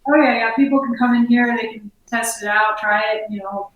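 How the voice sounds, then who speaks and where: A woman from Colorado, a former biathlete, talking casually as an interview guest with relaxed, filler-heavy speech. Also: a little high, brisk, muffled recording. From Colorado, United States. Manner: relaxed, chatty, with many fillers. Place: inside her outdoor gear shop. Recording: echoey room, voice far from the mic.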